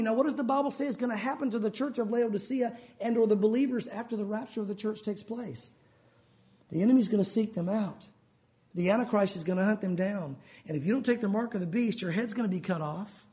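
Guy preaching a sermon, really high voice, intense and emphatic, acts out the voices in the verses. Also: brisk, mellow. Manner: acts out quoted voices, rising pitch for pleading lines.

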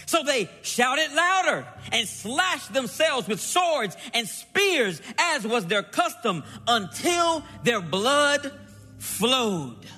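A man preaching a sermon, dramatic, acting out the scripture story with shouted lines and playful asides. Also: very high-pitched, very animated, extremely slow, husky, long reverb tail, faint music behind.

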